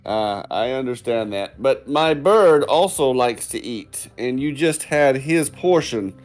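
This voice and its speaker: A man voicing a cocky old male historian with mystic powers in a tabletop game, calm, cryptic and self-assured. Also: medium pitch, unhurried, faint music behind, natural voice. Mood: dismissive.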